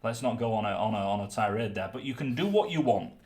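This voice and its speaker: A man's voice: fairly low pitch, expressive, quick pace, a little mellow. Jokey British man co-hosting a podcast. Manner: jokey, stumbling over words. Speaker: podcast co-host. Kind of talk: casual chat.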